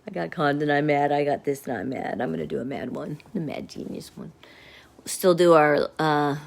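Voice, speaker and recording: Low gravelly angry middle-aged woman. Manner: rambling and agitated, often dropping to a muttered whisper. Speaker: vlogger. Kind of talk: angry personal rant to viewers.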